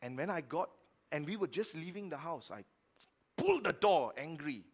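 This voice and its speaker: A middle-aged man preaching a sermon as pastor, telling a story with emphatic repetition and sudden swings between loud and quiet. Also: on the high side, expressive, normal speed, slightly rough. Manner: repeats words for emphasis.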